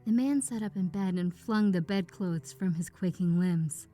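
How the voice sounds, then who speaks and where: A woman reads a classic horror tale in a lowered, hushed voice, slipping into whispers at tense moments. Her pitch sits on the low side. Quiet music plays beneath her. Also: fairly even intonation, unhurried. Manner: hushed, often dropping to a whisper. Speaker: narrator. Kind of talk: scripted horror narration. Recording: faint background music.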